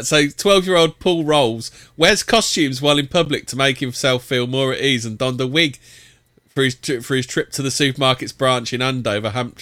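Bright, dry-sounding man hosting. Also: medium pitch, dry recording. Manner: crude banter, frequent stammered restarts. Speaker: podcast host. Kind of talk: casual podcast chat and reading news stories aloud. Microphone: desk microphone.

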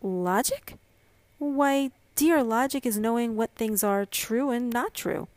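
A woman voicing a patient, amused mother who speaks calmly and teases gently in a storybook reading. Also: fairly high pitch, slow pace, no echo, voice pushed up. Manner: gently teasing, calm.

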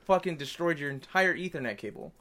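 A young man co-hosting a casual podcast, animated, swearing often and laughing a lot. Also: fairly high pitch, a little fast. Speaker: podcast co-host. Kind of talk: casual crude banter.

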